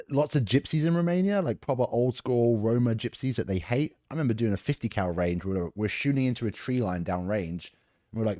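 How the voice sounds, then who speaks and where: A British man in his forties, a guest on a podcast, telling stories about his army years in a relaxed way. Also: medium pitch, fairly quick, no room sound, studio quality. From England. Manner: laid-back storytelling, swears and laughs a lot. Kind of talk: casual interview.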